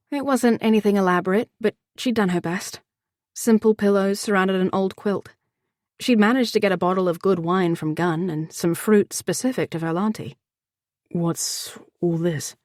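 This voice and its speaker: A woman narrator reading a fantasy romance audiobook in a measured, even way. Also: mid-range voice, dry recording, clean studio sound. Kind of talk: scripted narration.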